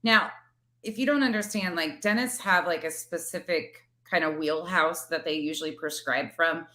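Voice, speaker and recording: A woman hosts a casual commentary with a lower, sharp-edged voice. She keeps it chatty, wandering off into asides before coming back to the point. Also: normal speed. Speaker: commentary channel host.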